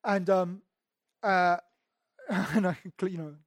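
A pastor gives a sermon in a conversational style, emphatic and often repeating words. His voice is high and he takes it slowly; the sound is dry, with no echo.

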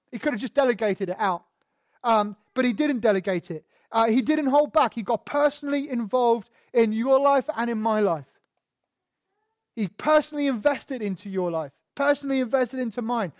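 A man's voice: extremely high pitch, dry recording, clean studio sound. A man preaching a sermon and explaining words one by one, asking rhetorical questions and stressing single words. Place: church sanctuary.

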